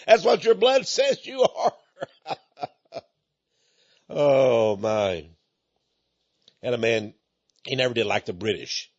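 Man, East Texan accent, folksy preaching monologue, husky voice, dull lo-fi sound. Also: medium pitch, big pitch swings, takes it slowly, long pauses. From Texas. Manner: folksy, emphatic.

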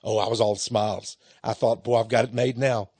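A man's voice: on the low side, fairly even intonation, a little fast, a little mellow, husky, dry recording. A man preaching a sermon in a folksy, chuckling way, telling a personal story and calling his listeners his friends.

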